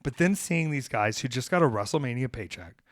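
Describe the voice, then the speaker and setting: A man hosting a podcast, telling a story in a casual, animated way. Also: mid-range voice, fairly quick, no room sound, clean studio sound. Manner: animated, acts out quoted voices. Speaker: podcast host, pro wrestler.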